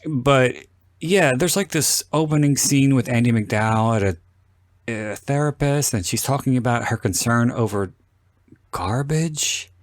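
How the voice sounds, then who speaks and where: A man hosting a podcast, chatting casually about a film and acting out scenes with lively, sweary retellings. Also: medium pitch, unhurried, dry recording. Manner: animated storyteller, acts out quoted lines with swearing. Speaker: podcast host. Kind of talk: casual film commentary chat.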